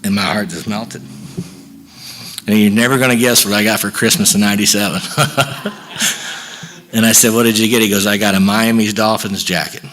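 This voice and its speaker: A man's voice: fairly low pitch, steady tone, normal speed, long pauses, fairly bright tone. A middle-aged man speaking at a recovery workshop, telling a personal story in a folksy way and acting out the back-and-forth dialogue.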